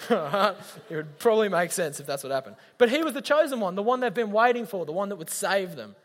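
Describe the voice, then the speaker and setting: Aussie guy, young, high voice, casual slangy youth talk, long echo in a big hall. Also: sing-song, brisk. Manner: chatty, slangy, addresses audience directly. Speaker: youth leader.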